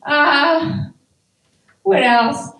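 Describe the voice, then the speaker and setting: Deadpan woman comic in an echoey room. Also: sits high, very slow, far from the mic. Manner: dry, deadpan one-liners. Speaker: stand-up comedian. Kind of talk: stand-up comedy set. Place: comedy venue before a live audience.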